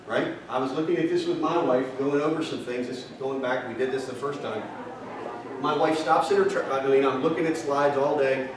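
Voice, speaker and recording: A man's voice: medium pitch, fairly even intonation, fairly quick. Male seminar speaker quizzing the crowd, distant mic in a reverberant hotel room. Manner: fires rhetorical questions at the audience. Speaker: seminar presenter. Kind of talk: marketing seminar lecture. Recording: echoey hall, distant mic, audience present.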